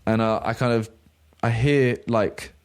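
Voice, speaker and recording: Man, podcast co-host, casual rambling story, mid-pitched voice, acts out quotes. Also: steady tone, unhurried. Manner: rambling, re-enacts others' lines in their voices.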